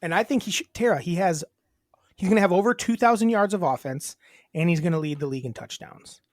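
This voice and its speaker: A woman's voice: on the low side, quick pace, darkish tone, no echo, studio quality. A woman co-hosting a podcast, chatting casually in a blunt, rambling, crude way. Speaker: podcast co-host. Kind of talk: casual chat.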